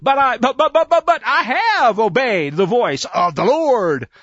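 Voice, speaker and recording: A man's voice: fairly high pitch, huge pitch swings, takes it slowly, vocal fry, sharp tone, slightly rough, dry recording, muffled recording, full character voice. A man doing a flustered, pleading biblical king. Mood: defensive. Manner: pleading, stammering excuses. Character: defensive eager male biblical king.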